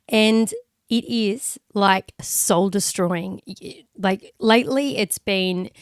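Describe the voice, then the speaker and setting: A woman in her thirties talks candidly and emotionally as a podcast co-host, swearing freely as she goes. Her voice is smooth and clear. She is recorded close on a dry studio mic. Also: medium pitch, takes it slowly, dry recording. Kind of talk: casual chat.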